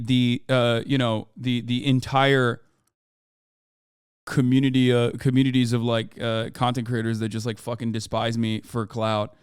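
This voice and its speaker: A man's voice: mid-range voice, clear, resonant tone, no echo, clean studio sound. A man in his thirties reacting to a video on his live stream, rambling casually with many restarts and casual swearing.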